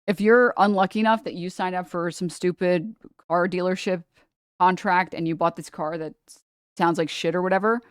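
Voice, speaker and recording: Young woman streamer, casual animated rant, close dry mic. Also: on the low side, clear, resonant tone, dry recording. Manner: animated ranting, swearing, quick asides. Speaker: livestream host. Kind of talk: casual chat.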